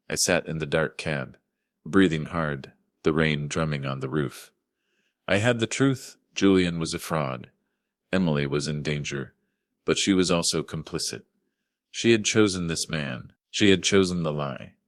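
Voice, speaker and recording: Very deep-voiced male thriller narrator. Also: dry recording, clean studio sound. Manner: tense, measured storytelling. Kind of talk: first-person dramatic thriller narration.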